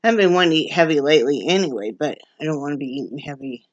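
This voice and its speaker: A woman's voice: low-pitched, expressive, racing, no echo, muffled recording. A woman from Wyoming chatting at home for her vlog, rambling and restarting her sentences. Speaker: vlogger. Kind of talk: casual home chat. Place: at home, indoors.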